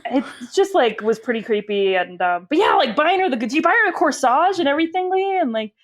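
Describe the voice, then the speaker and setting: A woman's voice: high-pitched, sing-song, a little fast. A woman from rural Georgia, a professor, chatting as a podcast guest in a rambling way full of fillers and restarts. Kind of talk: casual podcast chat.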